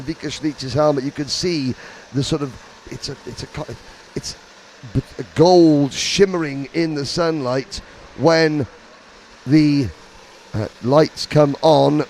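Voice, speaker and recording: A man's voice: a little high, darkish tone, a little hiss or hum, low-quality recording. A middle-aged man giving live, rambling, self-deprecating commentary on an endurance kart race.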